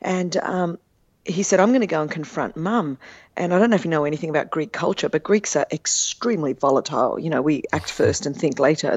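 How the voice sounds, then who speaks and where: A woman in her fifties, telling a personal story in an interview. She is earnest and animated, and she acts out the quotes. The sound is dry and a little dull. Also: deep voice, no room sound. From Australia. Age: 50s. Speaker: guest author.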